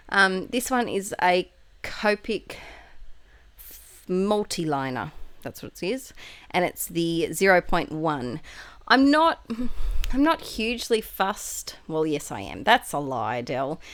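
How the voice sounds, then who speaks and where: A woman's voice: mid-range voice, dry recording. An Australian woman chatting through a casual voiceover for her craft video, rambling and correcting herself with little laughs. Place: home, recorded at night.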